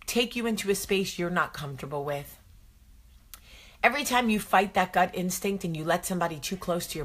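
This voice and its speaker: A woman's voice: a little high, pushed and bright. A woman hosting a vlog, giving an emphatic, sassy motivational talk straight to camera. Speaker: vlog host.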